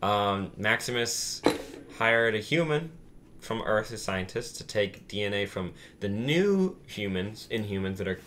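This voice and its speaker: Sarcastic, foul-mouthed podcast host. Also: male voice, fairly low pitch, expressive, measured pace, very noisy. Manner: sarcastic, swears a lot, acts out quotes in voices. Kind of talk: casual podcast chat.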